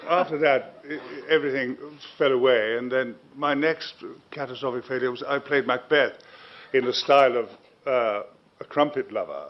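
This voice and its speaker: A man's voice: mid-range voice, normal speed, a little hiss or hum. Older man, rambling self-mocking storyteller, chuckling, dull lo-fi sound. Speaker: interview guest, actor. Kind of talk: anecdotal interview storytelling. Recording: dull lo-fi recording.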